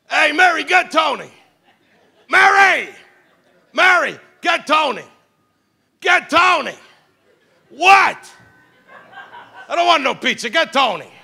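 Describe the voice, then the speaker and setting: A comedian plays a loud, brash old uncle with a Boston accent, barking orders and teasing. The voice rides high and bright with a gravelly edge. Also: male voice, exaggerated voice. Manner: shouting, gruff, bossy.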